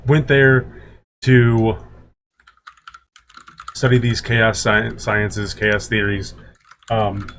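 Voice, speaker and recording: Man, lowish voice, rambling podcast chat, faint noise and keyboard typing behind. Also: flat delivery, drawn-out words, pauses often, fairly bright tone. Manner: rambling, restarts and searches for words. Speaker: podcast co-host. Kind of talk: casual chat.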